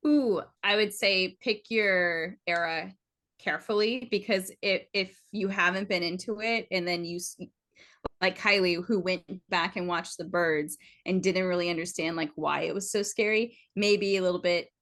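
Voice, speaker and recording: Woman guest, lowish voice, earnest and encouraging, casual podcast chat. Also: steady tone, normal speed, a bit bright. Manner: earnest, encouraging advice with fillers.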